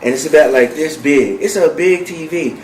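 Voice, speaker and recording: A man telling a story in an animated, rambling way, acting out what was said with lots of fillers. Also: fairly high pitch, normal speed. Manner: acts out quoted dialogue, rambling with many fillers. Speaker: client preparing testimony. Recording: echoey room, faint background noise.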